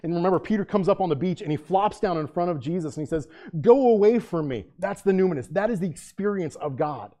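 A male pastor preaches a dramatic sermon and keeps returning to rhetorical questions. His voice is mellow and warm, and it swings between hushed, low lines and loud, raised ones. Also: fast talker, few pauses. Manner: dramatic, repeated rhetorical questions, acts out quotes.

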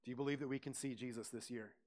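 Male pastor, lively sermon delivery, questions to the room. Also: medium pitch, rapid-fire. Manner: animated preaching, questions to the congregation, rising loud on quoted scripture.

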